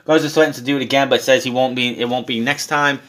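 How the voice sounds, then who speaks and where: A man's voice: medium pitch, steady tone, quick pace, a bit bright. A man in the middle of his own voice range, talking through a wrestling show in a casual solo recap. He is blunt and sarcastic, and he swears freely.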